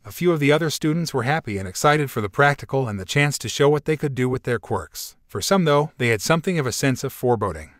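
A man of middle pitch narrates fan fiction in a steady, even way. Characters get little change of voice. The sound is dry and close to the mic. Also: fast, few pauses, no room sound.

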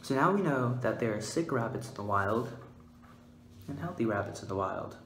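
A man hosting a mock-scientific comedic vlog, playful and goofy, giggling and breaking into sudden loud, high outbursts. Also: lively intonation, moderate pace. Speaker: vlogger. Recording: roomy echo, faint background hiss.

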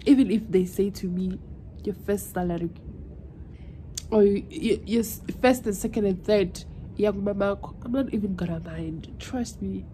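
A woman's voice: mid-range voice, normal speed, mellow, a little hiss or hum. A South African woman in her twenties chatting casually in a vlog, emotional and switching languages mid-sentence. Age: 20s. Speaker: vlogger.

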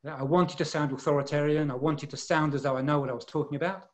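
English-accented male presenter, clear precise explainer, slightly high voice, video-call seminar. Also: fairly even intonation, quick pace.

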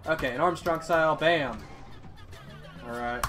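A young man giving casual, excitable commentary over his gameplay. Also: on the high side, unhurried, long pauses, faint music behind. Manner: excitable, swears and yelps at the game. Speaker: let's play gamer.

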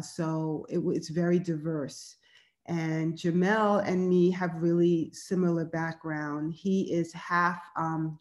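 A woman from New York, a journalist, reads passages from her books to an audience and tells the stories behind them in a soft, reflective way, with many fillers. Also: lowish voice. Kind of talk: reading aloud and telling stories to an audience.

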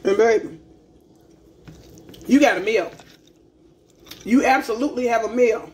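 A woman's voice: a little high, unhurried, pauses often, darkish tone. A middle-aged woman talks straight to her viewers in a folksy, chatty way, calling them baby and family. She hums and mm's as she tastes her food between remarks. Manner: tastes food while talking, hums with mouth full. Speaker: cooking vlogger. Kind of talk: casual chat to camera.

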